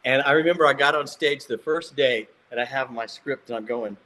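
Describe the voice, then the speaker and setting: Older man, jokey animated storyteller. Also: mid-range voice, brisk, a little hiss or hum. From Mississippi, US. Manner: jokey, animated anecdotes with self-mocking humor. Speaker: guest actor. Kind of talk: casual storytelling.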